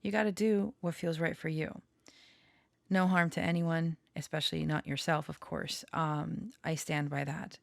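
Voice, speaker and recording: Woman vlogger, unhurried and halting, low pitch with vocal fry, tired from little sleep. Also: fairly even intonation, no room sound, studio quality. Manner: slow, halting, with many pauses and fillers. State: short on sleep. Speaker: tarot reader and storyteller. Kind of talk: personal reflective vlog talk.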